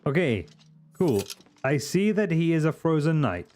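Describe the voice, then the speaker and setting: A man's voice: a little high, sing-song, unhurried, a little mellow, soft background music. A man from Britain, streaming a video game with casual, jokey and profane commentary to his chat.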